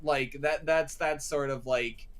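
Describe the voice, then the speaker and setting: Young man, rambling casual chat, swears a lot, slightly raised pitch. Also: fairly even intonation, slow, a little hiss or hum. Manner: rambling, swears freely, does silly voices. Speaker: podcast co-host.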